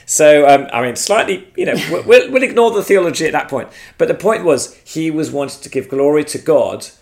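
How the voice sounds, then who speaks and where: A man from England, recorded outdoors at his home and telling a faith story with lively, shifting emphasis. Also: fairly high pitch, a little fast, vocal fry. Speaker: guest speaker. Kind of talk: storytelling testimony on video. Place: outdoors at their home, front yard.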